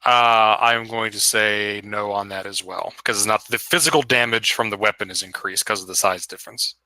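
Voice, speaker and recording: A man's voice: on the low side, steady tone, normal speed, bright, forceful tone, dry recording, low-quality recording. A man narrating as dungeon master over voice chat, casual and hesitant, with many fillers. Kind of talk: narrating a tabletop game. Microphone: headset or desk mic on voice chat.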